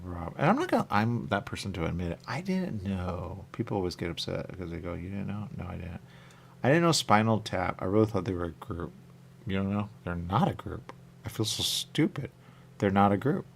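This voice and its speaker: A man's voice: deep voice, creaky, slight background noise. A man hosting a radio talk show, rambling casually and thinking aloud with lots of questions.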